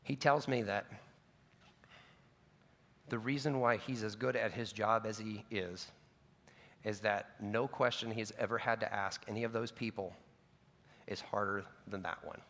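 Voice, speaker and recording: A man's voice: on the low side, fairly even intonation, measured pace, long pauses, fairly bright tone. A man preaching a sermon in an earnest, personal storytelling way, with casual asides and self-corrections. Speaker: pastor. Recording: long reverb of a large hall.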